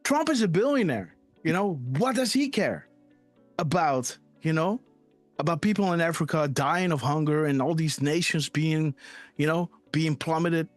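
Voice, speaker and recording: A man's voice: a little high, expressive, normal speed, dry recording, soft background music. A man hosting a live online show, reading posts aloud in emphatic casual commentary and often adding "right?" and "you know". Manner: emotional, trailing off softly at ends.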